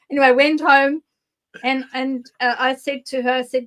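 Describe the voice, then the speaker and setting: South African woman guest, candid rambling storyteller, voice sits a touch high. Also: flat delivery, normal speed, fairly bright tone. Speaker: guest psychic. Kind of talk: interview, personal testimony.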